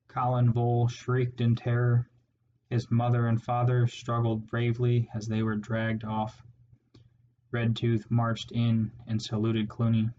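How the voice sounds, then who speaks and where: A man reading a storybook aloud as narrator, steady and measured. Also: mid-range voice, muffled recording, slight background noise. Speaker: audiobook narrator.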